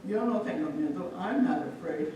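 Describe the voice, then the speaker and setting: A woman's voice: fairly low pitch, moderate pace, highs cut off, a little hiss or hum, close to an everyday voice. Clever fearless mother, as a woman tells it. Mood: firm. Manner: firm and steady, Spanish then English. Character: calm clever mother, unafraid. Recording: echoey hall from far off.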